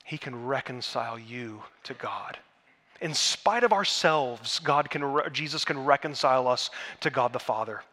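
A man preaching a sermon in a church, earnest, building to emphatic peaks and dropping to hushed tones. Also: medium pitch, animated, moderate pace. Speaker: pastor. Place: church sanctuary.

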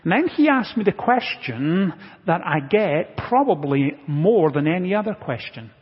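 High-voiced pastor in an echoing sanctuary. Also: male voice, big pitch swings, a little slow, husky. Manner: earnest, builds to emphatic repetition. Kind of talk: sermon. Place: church sanctuary. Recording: dull lo-fi audio with long church reverb.

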